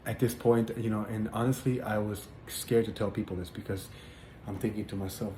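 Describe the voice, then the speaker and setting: A man with a fairly low voice tells his religious testimony in an earnest, halting way. He stops often for fillers and repeats words as he goes. The recording sounds roomy, with a faint hiss of background noise. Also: steady tone, dark tone. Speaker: person sharing a religious testimony. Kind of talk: personal testimony, casual spoken storytelling.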